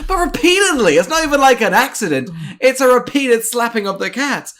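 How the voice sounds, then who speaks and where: A man co-hosting a podcast, joking about a movie with sarcastic, deadpan asides. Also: very high-pitched, fairly quick. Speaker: podcast co-host. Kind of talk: casual comedic movie chat.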